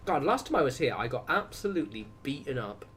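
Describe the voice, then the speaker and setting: Over a little hiss or hum, a young man with a mid-range, fairly bright voice streams a game and rambles casually to his viewers. He keeps cutting himself off mid-sentence and drops chatty asides along the way.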